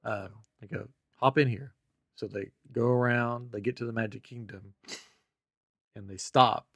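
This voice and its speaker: A man's voice: medium pitch, steady tone, unhurried, fairly bright tone, dry recording, studio quality. A man hosting a podcast, telling a story in casual chat and acting out the voices of the people in it. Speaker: podcast host.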